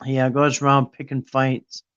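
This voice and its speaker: A man's voice: mid-range voice, monotone, moderate pace, fairly bright tone, smooth, dull audio. A man hosting a casual live stream, talking in an indignant, mocking way and rambling with restarts. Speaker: livestream host.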